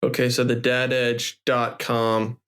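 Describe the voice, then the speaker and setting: A man's voice: medium pitch, completely flat delivery, slow pace, a bit bright, clean tone. A male podcast host with a mid-range voice, speaking in an upbeat way. He addresses the listeners directly and sums up what the guest offers. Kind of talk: casual interview hosting.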